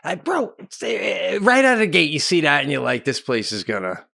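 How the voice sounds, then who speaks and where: Middle-aged guy ranting through a story on a podcast, kinda high voice, dry close sound. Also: normal speed, creaky, dry recording. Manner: animated, swears a lot, acts out yelling in his stories. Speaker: podcast co-host. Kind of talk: casual storytelling chat.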